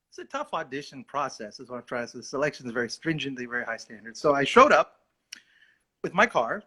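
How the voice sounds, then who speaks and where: A man's voice: medium pitch, brisk, pushed and bright. A male actor telling a rambling, self-mocking story in a casual livestream chat. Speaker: actor guest.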